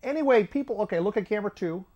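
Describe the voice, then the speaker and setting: A man's voice: high-pitched, animated, very fast, a little mellow, lo-fi sound. A man hosting his own comedy show, delivering a rambling monologue with offhand, sardonic asides and chuckling at his own jokes. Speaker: host.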